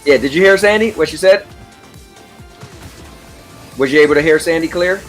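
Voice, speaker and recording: A man hosting a casual chat while playing a game, relaxed and reading out game stats. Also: a little high, normal speed, faint music behind. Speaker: host.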